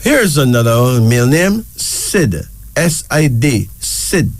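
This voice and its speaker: A man hosting a casual talk show, slowly spelling out each name letter by letter and repeating words for emphasis. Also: medium pitch, sing-song. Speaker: show host. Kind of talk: casual talk presenting names.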